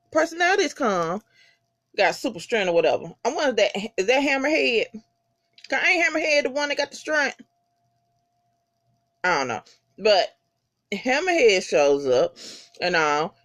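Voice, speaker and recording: A reviewer giving a casual, profanity-heavy recap of a TV episode in slangy, animated talk. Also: medium pitch.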